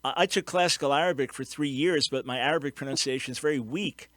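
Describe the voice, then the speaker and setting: A man's voice: medium pitch, fast, a bit bright, dry recording. A man hosting a call-in radio show, explaining with earnest emphasis and taking callers.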